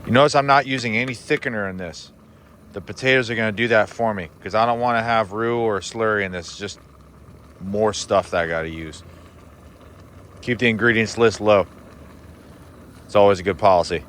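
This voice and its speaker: A man's voice: on the low side, moderate pace, long pauses, a bit bright, a little hiss or hum. A man hosting a cooking vlog from an outdoor kitchen, talking in a laid-back, offhand, wry way as he cooks. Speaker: cooking channel host. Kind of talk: casual cooking vlog talk.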